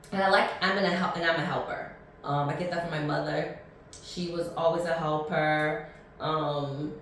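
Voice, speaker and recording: A woman's voice: low voice, creaky, slight background noise. Chatty woman podcaster in an echoey room. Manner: rambling and chatty, many ums and restarts, blunt. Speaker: podcast host. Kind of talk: casual solo podcast chat. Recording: echoey room, mic at a distance.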